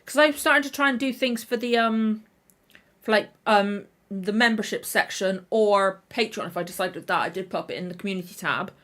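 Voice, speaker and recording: A woman's voice: medium pitch, moderate pace, fairly bright tone. A tired woman with a slightly tender throat, hosting a casual livestream chat and rambling with frequent self-corrections. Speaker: reaction channel host.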